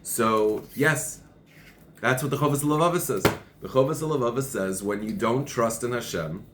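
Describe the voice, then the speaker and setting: A man's voice: mid-range voice, normal speed, noisy background. A man teaching religious texts in conversation, working through a passage step by step and reading parts of it aloud. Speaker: Torah teacher.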